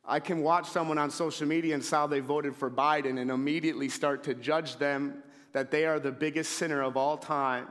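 A man in his thirties preaching a sermon in a church, telling stories and acting out shouted scenes. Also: a little high. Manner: animated storyteller, acts out shouting scenes. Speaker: pastor. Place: church sanctuary. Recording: long hall reverb.

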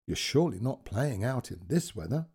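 A male storyteller voicing a kindly, wise old man who welcomes young guests in from the rain. He speaks gently and slowly. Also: mid-range voice, very animated, slightly rough, exaggerated voice. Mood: welcoming.

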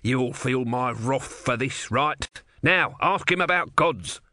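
A man voicing a grumpy, demanding little male tortoise god in an audiobook, talking in a gruff, bossy way. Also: mid-range voice, big pitch swings, normal speed, pushed and bright, dry recording, studio quality. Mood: indignant.

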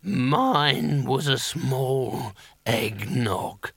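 Man doing a slow, sickly-sounding fussy rider. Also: medium pitch, animated, vocal fry, fairly bright tone, echoey room, big-room sound, full character voice.

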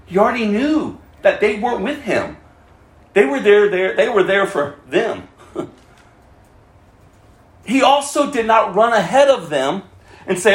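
Preaching an impassioned sermon, a high-voiced male pastor takes his time, leaving long pauses and swinging widely in pitch. His delivery shifts from loud emphasis to hushed asides, carried by a roomy echo.

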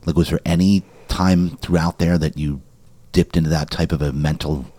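A man hosting a podcast interview, enthusiastic and full of quick affirmations. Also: rumbling low, steady tone, dark tone. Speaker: podcast host. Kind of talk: casual interview.

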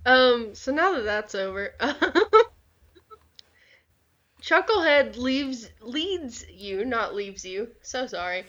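Unhurried woman game master. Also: fairly high pitch, animated, a bit bright, highs cut off. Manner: hesitant, full of ums. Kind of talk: narrating a tabletop game.

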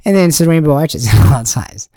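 A man's voice: fairly high pitch, big pitch swings, brisk, warm tone, dry recording, studio quality. A man hosting a meditation podcast, playful and teasing, laughing often and slipping into voices. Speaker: podcast host.

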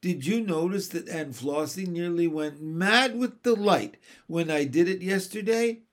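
Man doing a loud bossy baby boy. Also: high-pitched, unhurried. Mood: smug. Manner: loud and complaining.

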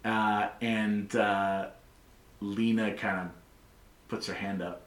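A man narrating a tabletop game as game master, casual and loose, full of "like" and quick laughs. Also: lowish voice, little pitch movement. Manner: casual, lots of "like", laughs often. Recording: roomy echo.

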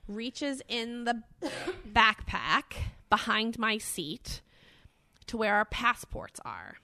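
A woman's voice: a little high, very animated, slow pace, sharp tone, no room sound. A woman, co-hosting a podcast, telling a long story with many likes and ums. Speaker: podcast co-host. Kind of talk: casual chat.

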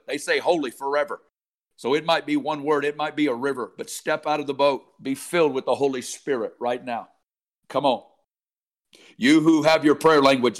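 A man leading charismatic group prayer, speaking in tongues with fervent calls that swell loud and drop to hushed murmurs. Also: medium pitch. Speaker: prayer leader.

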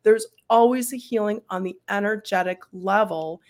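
Mid-pitched woman, calm and earnest healer talking through ideas. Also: moderate pace. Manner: calm, earnest, explains at length. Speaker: energy healer and spiritual coach. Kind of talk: casual spiritual chat.

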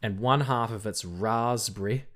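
A man's voice: lowish voice, measured pace, a bit bright. A man co-hosting a casual film podcast, rambling with lots of restarts, stutters and swearing. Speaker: podcast co-host.

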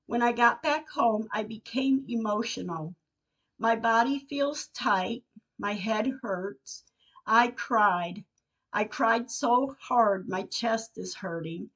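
Older woman host reading her own diary, very slow and earnest, on a dull lo-fi recording. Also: on the high side, a bit bright, husky. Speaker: podcast host. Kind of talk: reading personal diary entries aloud.

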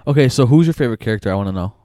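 A man's voice: mid-range voice, lively intonation, rapid-fire, warm tone, dry recording, clean studio sound. A young man co-hosting a podcast, explaining things earnestly and step by step in a casual chat. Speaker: podcast co-host.

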